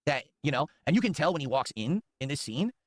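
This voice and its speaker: This man speaks fast at a fairly high pitch, with no room sound. Hosting a commentary show, he reacts to clips with animated mockery and drifts into rambling asides.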